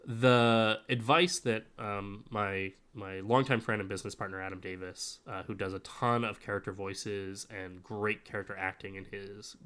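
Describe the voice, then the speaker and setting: A man's voice: on the low side, fairly even intonation, moderate pace, few pauses, fairly bright tone, clean tone. A man co-hosting a podcast in casual chat, explaining game-master advice at length.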